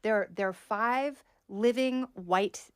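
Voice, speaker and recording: Woman host, slightly high voice, wisecracking banter, dry close mic. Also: slow, smooth, no room sound. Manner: quippy, jokey banter. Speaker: podcast host. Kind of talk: casual chat.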